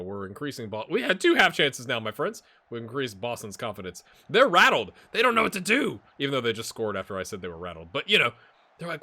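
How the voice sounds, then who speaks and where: A man hosting a gaming channel, casually commenting while he plays, chatty and rambling, with laughs and sudden excited outbursts. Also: mid-range voice, no room sound. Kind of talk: casual commentary while playing a football management game.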